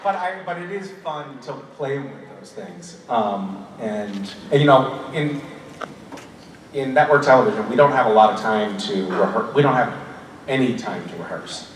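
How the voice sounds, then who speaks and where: A man's voice: medium pitch, animated, normal speed. A man in his forties answering fan questions at a convention panel, telling rambling, self-deprecating stories and laughing often. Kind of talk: casual Q&A storytelling. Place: large convention hall. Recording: echoey hall recorded from far off with noise.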